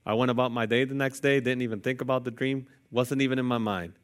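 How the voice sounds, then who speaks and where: A fast-talking man with a medium-pitched voice preaches a sermon in a church sanctuary, recounting a personal story. He keeps it lively with playful, jokey asides to the congregation.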